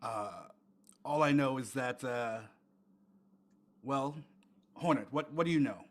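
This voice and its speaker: A man's voice: medium pitch, slow pace. A man narrating a tabletop role-playing game as game master, talking hesitantly with many fillers.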